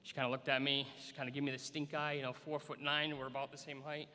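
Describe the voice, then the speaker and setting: A man's voice: medium pitch, flat delivery, quick pace, sharp tone, long reverb tail. A man, a school superintendent, giving a commencement speech outdoors and telling a story with self-deprecating humor. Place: outdoor graduation on a school field.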